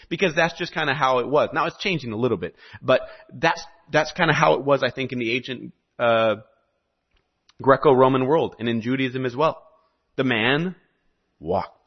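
A man's voice: on the high side, slightly rough. A man from South America preaching a sermon, telling a story with animation and asking his listeners questions. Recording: slightly muffled recording.

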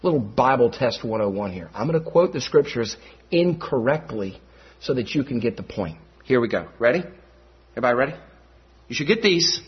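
Husky preacher man, animated delivery. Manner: swings from high, loud, fast outbursts to low, quiet asides. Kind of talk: sermon. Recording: muffled dull recording.

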